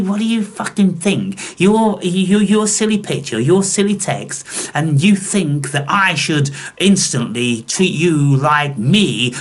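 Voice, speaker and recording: A man hosting a spiritual video channel, ranting bluntly at his viewers and swearing constantly with scorn. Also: a little high.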